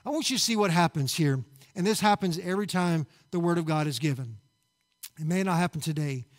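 A man's voice: fairly high pitch, fairly quick. A man preaching a sermon at a church service, fervent and urgent, repeating his calls and stumbling over words when worked up. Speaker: pastor.

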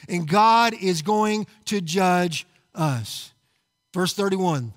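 Man, pastor, high voice, fervent sermon, urgent repetition, stumbling restarts, church service. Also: lively intonation, drawn-out words. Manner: fervent, urgent exhortation with repeated phrases.

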